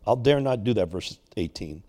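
Husky and on the low side, this pastor's voice is animated and moves at a normal speed. The man, in his sixties, tells personal stories while preaching, shifting from quiet asides to loud, emphatic bursts.

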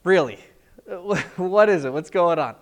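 A man preaching a sermon, telling stories with lively acted-out dialogue. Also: high voice, measured pace. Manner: animated storytelling, acting out scenes in different voices. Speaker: pastor.

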